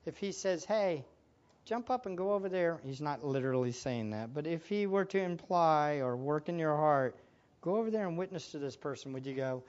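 A man preaching as pastor, swinging between loud excited exclamations and hushed prayer, often laughing and asking the listeners questions. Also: on the high side, moderate pace, smooth, lo-fi sound. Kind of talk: sermon.

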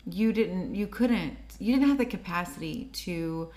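A woman hosting an interview, gentle and affirming, reflecting back what her guest shares. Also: fairly low pitch, measured pace. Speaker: host. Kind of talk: supportive interview talk.

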